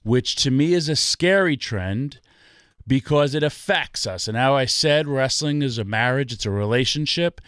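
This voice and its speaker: A man's voice: mid-range voice, expressive, normal speed, a bit bright, clean tone, no room sound, clean studio sound. A man ranting about wrestling on a talk show, emphatic and full of rhetorical questions. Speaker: wrestling podcast guest. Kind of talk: passionate ranting commentary.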